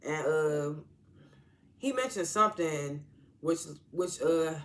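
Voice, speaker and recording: Male reviewer, casual and rambling, slightly high voice, leans on fillers and restarts. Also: lively intonation, slow, a bit bright. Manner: rambling, heavy use of "like", restarts; slangy, informal grammar. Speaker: TV episode reviewer. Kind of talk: casual episode recap.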